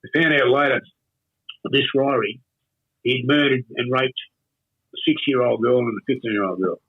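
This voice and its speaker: Husky older Australian man, phone-thin sound. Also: medium pitch, steady tone. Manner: rambling, halting, with many fillers and restarts. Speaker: interview guest. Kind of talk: casual storytelling. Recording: tinny phone-like audio.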